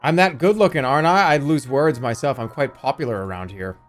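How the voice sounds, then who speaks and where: A man's voice: medium pitch, brisk, soft background music, lightly acted. A man reading the lines of a vain, flirty male café customer in a smug, self-admiring way, while streaming a game.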